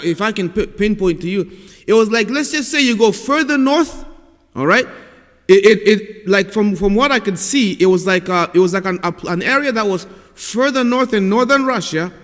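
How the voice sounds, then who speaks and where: A man recounting a prophetic vision in a halting, repetitive, earnest way. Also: sits high, a bit bright, in a large hall. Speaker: self-styled prophet.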